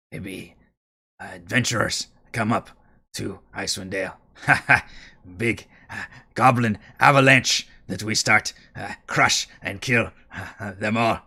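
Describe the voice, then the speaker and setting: A boastful goblin rumbles slowly in short, broken phrases, his voice low and bright-edged, as a man puts him on. He drags out each word with simple grammar and a lot of pride. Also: creaky, husky, heavily acted. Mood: proud. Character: proud adult male goblin with broken speech.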